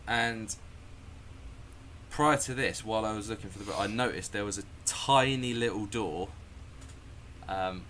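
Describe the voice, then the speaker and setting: A man telling a story casually, animated and sweary, often laughing and acting out the scenes. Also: fairly low pitch, unhurried, long pauses, slight background noise.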